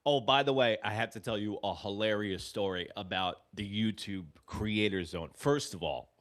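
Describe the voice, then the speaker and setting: A man hosting a live baseball fan stream, telling profane stories and breaking off to call plays excitedly. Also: on the low side, moderate pace. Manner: animated, profane storytelling with excited play calls. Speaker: host of a fan sports show.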